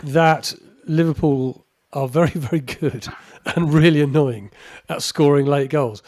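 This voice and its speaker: A man's voice: on the high side, a little slow, darkish tone. A man co-hosting a sports podcast, emphatic and teasing, repeating words for stress. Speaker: podcast co-host. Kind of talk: casual sports podcast chat.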